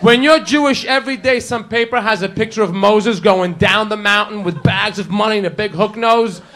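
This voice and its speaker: Male stand-up, high bright voice, loud punchlines, live club with faint laughter. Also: normal speed. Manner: brash crowd work, shouting punchlines and acting out characters. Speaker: stand-up comedian. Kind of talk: stand-up routine. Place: comedy club stage. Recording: live club with crowd laughter and ambient noise.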